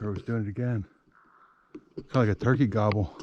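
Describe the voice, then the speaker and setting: A man narrating a casual hike vlog outdoors on a wooded trail. He talks slowly and wryly to himself and breaks into loud crow calls. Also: on the low side, steady tone, lo-fi sound, slight background noise. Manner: slow, wry self-talk with loud crow calls.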